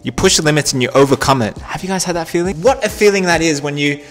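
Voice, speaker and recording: A man hosting a football training vlog, talking to camera with animated energy that builds as he gets worked up. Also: on the high side, fast talker, faint music behind. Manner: animated, builds up intensity when pumped. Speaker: football channel host.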